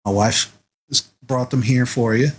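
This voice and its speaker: A man voicing a calm, soothing middle-aged werewolf pack leader who speaks in an easy drawl. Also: medium pitch, unhurried, breathy edge. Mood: calm, reassuring.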